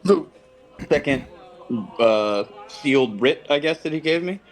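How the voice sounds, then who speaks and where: A man's voice: on the high side, lively intonation, unhurried, soft background music. Polite man playing a tabletop game. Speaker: player. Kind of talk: in-character tabletop play.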